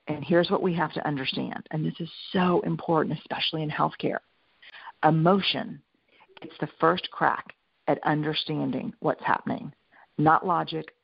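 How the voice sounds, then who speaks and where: Middle-aged woman, keynote speaker; lively, repeats her points, slightly muffled dry sound. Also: deep voice, vocal fry, slightly rough, dry recording. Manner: lively storyteller, stresses points by repeating them. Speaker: speaker and researcher. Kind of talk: storytelling keynote talk.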